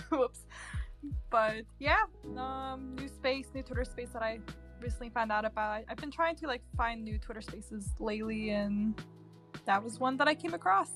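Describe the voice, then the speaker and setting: A woman's voice: a little high, normal speed, fairly bright tone, faint music behind. A woman talking casually in an online audio chat room, chatty, with many fillers and frequent laughter. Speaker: community member giving metaverse news. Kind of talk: casual Twitter Space chat.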